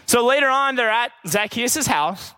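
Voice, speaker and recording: A young man giving a casual, energetic Bible talk to a church group, full of slang and chatty asides. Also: very high voice, measured pace, smooth.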